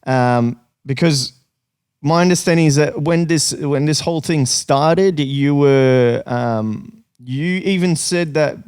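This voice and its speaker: Slow, halting man hosting. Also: a little high, darkish tone, smooth, dry recording, studio quality. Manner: halting, filler-heavy questions. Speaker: podcast host. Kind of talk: casual interview.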